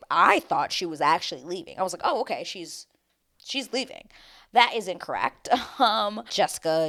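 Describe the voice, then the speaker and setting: A woman's voice: lowish voice, a bit bright. A woman hosting a casual TV recap, chatty and dramatic as she acts out her reactions. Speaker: recap show host.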